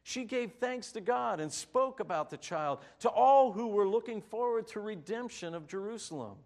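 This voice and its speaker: A man preaching a sermon, telling the story with expressive delivery and rhetorical questions. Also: high voice, normal speed.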